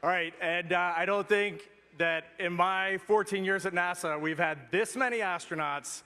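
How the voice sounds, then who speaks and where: A man's voice: sits high, normal speed, sharp tone, clean tone. A man, a mission commander who is losing his voice, speaking casually and enthusiastically to a crowd in a large hall. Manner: casual, enthusiastic, loose speech. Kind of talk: public speech.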